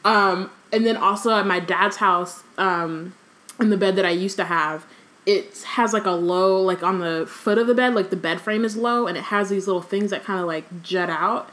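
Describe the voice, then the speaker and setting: A woman co-hosting a book podcast, telling stories in a relaxed way with lots of fillers. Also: medium pitch, moderate pace. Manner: relaxed, filler-heavy storytelling. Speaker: podcast co-host. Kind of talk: casual chat and reading aloud from a book.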